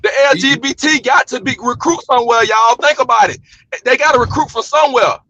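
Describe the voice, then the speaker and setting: A man's voice: very high-pitched, a little fast, pushed and bright, no room sound. A man, a guest giving heated, blunt, profane commentary on a live stream. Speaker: panel guest. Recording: dry, slightly muffled stream audio.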